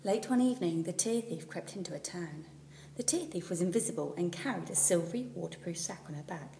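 A woman teacher reading a children's storybook aloud, expressive and at times dropping to a whisper. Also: on the low side. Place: school classroom. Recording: echoey room, far from the mic, faint hum.

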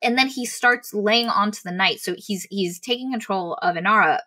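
A woman's voice: medium pitch, moderate pace, sharp tone, rough recording. A woman casually recapping a fantasy novel, animatedly acting out the characters' lines as she goes. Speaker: book reviewer.

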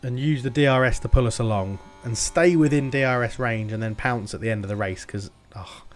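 An excitable man narrates his racing management game as he plays. He swears freely, groans at rival drivers and yells encouragement, with his voice jumping between frustration and cheering. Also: mid-range voice, a little fast. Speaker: gaming YouTuber. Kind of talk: game commentary.

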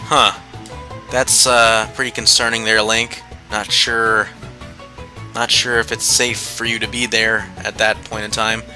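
A man's voice: fairly low pitch, a little slow. Young man commentating a game over music. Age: young adult. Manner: excitable, joking commentary on the match. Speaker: gaming YouTuber. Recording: game music and sound behind the voice.

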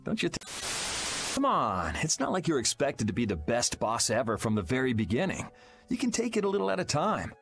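A man's voice: mid-range voice, huge pitch swings, fairly quick, a bit bright. An actor playing a sardonic young swordsman in a video game, dry and blunt. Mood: encouraging.

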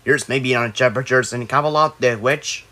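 A man voicing an excitable cartoon character who bickers with a witch in an animated, squabbling way. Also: mid-range voice, a little fast, lightly acted. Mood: bickering. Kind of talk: cartoon voice acting.

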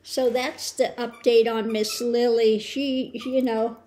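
Woman, slow and gentle, rambling home update, keeps cooing to her pets. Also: a little high, level tone. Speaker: spiritual tarot channel host.

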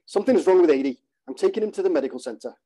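A man voicing his stocky soldier friend, calm and matter-of-fact, in a slightly raised voice. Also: high voice, rapid-fire, voice pushed up, poor audio. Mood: concerned.

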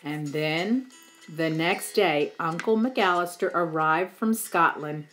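A woman reading a children's storybook aloud in an expressive, unhurried way. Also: on the low side, faint music behind, low-quality recording. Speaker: storybook reader.

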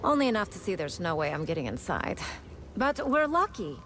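A woman's voice: medium pitch, sing-song, a little fast, a bit bright, faint music behind. An actress playing a flustered, chatty female alien scholar in video game dialogue.

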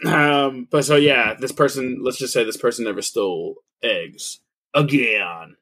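A man's voice: medium pitch, a little slow, pushed and bright. A man co-hosting a casual podcast, telling a story in a rambling way with restarts. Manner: rambling, trails off and backtracks mid-story. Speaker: podcast co-host.

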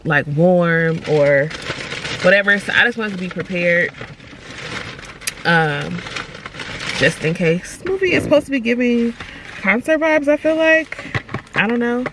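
A woman vlogger chatting casually to her viewers, upbeat and fast-talking, with slangy phrasing. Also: mid-range voice, lively intonation, background noise. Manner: upbeat, chatty, uses slang like "giving vibes". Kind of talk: casual vlog chat to camera.

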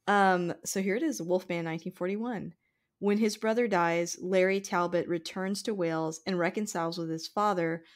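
A woman co-hosting a casual film podcast, chatty with many fillers, sometimes reading a synopsis aloud. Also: on the low side. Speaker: podcast co-host.

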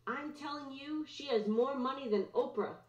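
A woman's voice: sits high, normal speed, voice pushed up, natural voice. Smug manipulative schoolboy, read by a woman. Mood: sneering. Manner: sneering, falsely sweet. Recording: roomy, dull lo-fi recording.

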